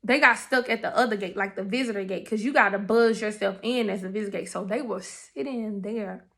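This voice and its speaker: A young woman telling her testimony in casual, animated storytelling, talking straight to her viewers. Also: medium pitch, fairly quick, vocal fry. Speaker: testimony speaker.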